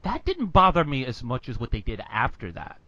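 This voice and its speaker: A man's voice: medium pitch, fairly quick, dry recording. A man co-hosting a wrestling podcast, chatting casually and laughing as he recounts moments. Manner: animated, laughs while recounting. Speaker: podcast co-host. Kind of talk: casual chat. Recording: dull lo-fi audio.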